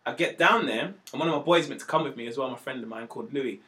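A man, a comedian telling stories in a casual chat, animated and slangy, acting out quotes in a raised voice. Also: mid-range voice, fast. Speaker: comedian guest.

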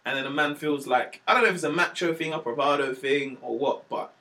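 A man's voice: on the high side, fairly quick. A male stand-up comedian, talking casually in a podcast interview and acting out the voices of people in his stories. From Wales. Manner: animated storyteller, acts out quoted voices.

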